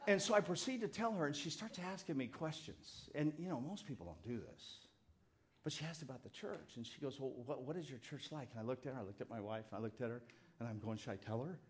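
Pastor, man in his fifties, middle-pitched voice, casual rambling sermon with jokes at his own expense. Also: expressive, fast, a little hiss or hum. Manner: chatty, rambling, self-deprecating humor.

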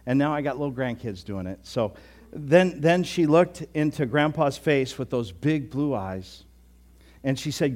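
A man's voice: medium pitch, expressive, unhurried, a little mellow. A man in his sixties, a pastor, giving a folksy, conversational sermon, often chuckling and restarting his sentences.

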